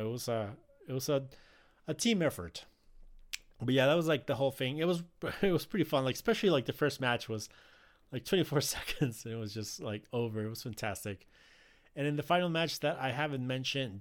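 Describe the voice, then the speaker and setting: A man casually recapping a wrestling show, rambling with many fillers and restarts. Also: mid-range voice. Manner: rambling, frequent fillers and restarts, laughs easily. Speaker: wrestling podcast host.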